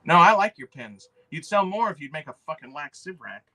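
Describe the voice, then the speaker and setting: A man's voice: a little high, lively intonation, fairly quick, background noise. A man hosting a livestream, rambling casually, cursing often and answering the chat. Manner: rambling, profane, reads chat aloud. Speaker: livestream host.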